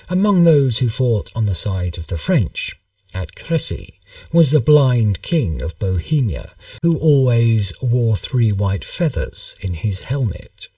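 Guy narrating an old history story, slow and measured, dry sound, kinda far off the mic. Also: medium pitch, a little mellow, no echo.

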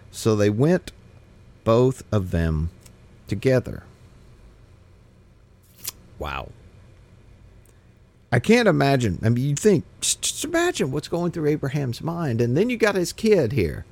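Animated man teaching from scripture. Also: medium pitch, measured pace, pauses often. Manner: emphatic, with frequent restarts and repetitions. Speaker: Bible study teacher. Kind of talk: scripture reading with sermon commentary.

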